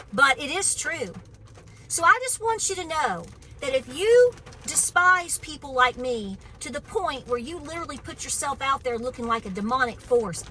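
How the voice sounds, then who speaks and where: A woman's voice: sits high, sharp tone, a little hiss or hum, poor audio. A woman homesteading vlogger speaking outdoors on her farm in an impassioned, preachy, emphatic way. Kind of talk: outdoor political vlog rant.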